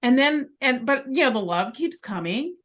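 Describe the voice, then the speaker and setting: Higher-voiced woman telling a story. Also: normal speed. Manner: animated storyteller, emphatic asides. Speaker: interview guest, clairvoyant. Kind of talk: storytelling in a conversation. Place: bedroom at home.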